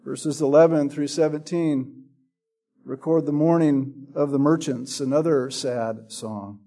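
A man preaching a sermon, teaching from a Bible passage with a slow, emphatic, drawn-out delivery. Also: a little high, steady tone, warm tone.

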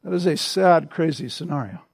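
A man with a notably high voice delivers a Bible-teaching sermon. He talks conversationally and keeps tossing in a questioning "right?" to his listeners. The sound is close and dry, with no room echo. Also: animated, moderate pace, creaky, husky. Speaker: preacher.

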